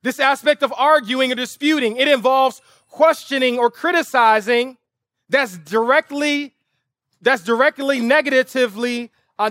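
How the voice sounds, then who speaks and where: Bright and forceful, a man's very high voice carries his sermon as pastor at an outdoor lawn service. He vividly recounts a family story before rising to impassioned, repeated rhetorical appeals full of emphasis. No echo is present, and the sound is studio quality.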